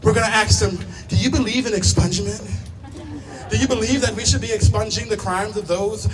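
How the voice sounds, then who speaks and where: A man's voice: high-pitched, fairly quick. A man emceeing an outdoor protest rally, working the crowd with questions and introducing the next speaker. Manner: energetic, crowd-engaging, asks raise-your-fist questions. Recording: distant mic with loud crowd and music.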